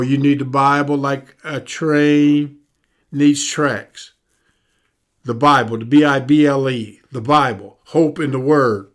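Slow-preaching pastor, man. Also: steady tone. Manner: preaching with rising emphasis and repetition; soft low-voiced prayer. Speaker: pastor and podcast host. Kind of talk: podcast sermon.

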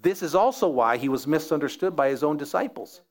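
A man's voice: a little high, animated, fairly quick. A man preaching a sermon as pastor, building emphasis through repeated phrases.

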